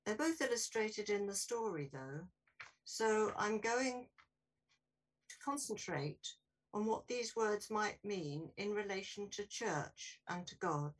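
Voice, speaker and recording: A woman preaching a sermon in a church in a clear, explanatory way. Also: medium pitch, lively intonation, slow pace, recorded from a distance, low-quality recording.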